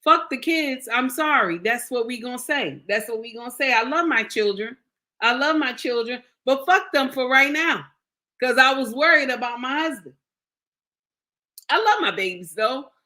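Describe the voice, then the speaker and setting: In a high-pitched, animated voice that is pushed and bright, a middle-aged woman vlogs about something from her own life at a moderate pace. She speaks right to her viewers with casual emphasis and plenty of repetition.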